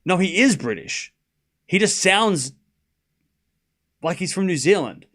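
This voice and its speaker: Animated Australian man ranting to chat. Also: sits high, a little slow. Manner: animated, mocking, talks straight to chat. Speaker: livestream tennis host. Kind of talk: casual ranting chat to viewers.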